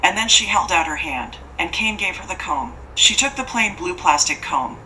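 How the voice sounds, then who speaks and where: A woman narrating an audiobook in a steady, even storytelling manner. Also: fairly low pitch, moderate pace. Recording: distant mic with faint hiss.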